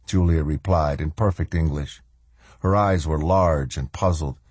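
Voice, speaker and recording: A man narrating a novel as an audiobook reader in an even, measured way. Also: low-pitched, breathy edge, no echo. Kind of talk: scripted narration.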